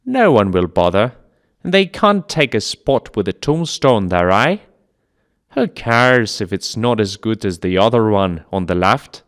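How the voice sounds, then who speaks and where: A man voicing an older grandmother who talks in a brisk, matter-of-fact, folksy way. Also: lowish voice, sing-song. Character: older woman, a practical grandmother.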